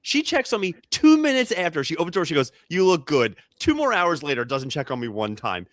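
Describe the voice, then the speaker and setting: Animated man telling a funny story. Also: quick pace, no room sound, clean studio sound. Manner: animated, acts out quoted people with jumps in pitch. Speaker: podcast co-host. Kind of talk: casual comedic storytelling.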